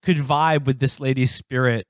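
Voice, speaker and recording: A man co-hosting a comedic podcast, speaking sarcastically and haltingly with many fillers. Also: mid-range voice, fairly even intonation, no echo, clean studio sound. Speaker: podcast co-host. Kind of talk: casual comedic podcast chat.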